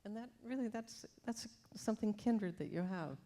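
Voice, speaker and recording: A woman interviewing a poet on stage, measured, setting up her questions with quotes. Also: medium pitch, warm tone. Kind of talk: onstage interview. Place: auditorium.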